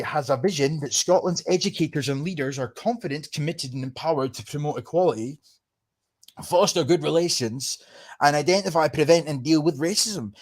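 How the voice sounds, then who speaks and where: A man with a soft Scottish Highland accent chats on his livestream, swearing and rambling with sarcastic asides. His voice sits a bit higher than most men's. He speaks into a computer microphone. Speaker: livestream host. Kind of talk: casual livestream chat.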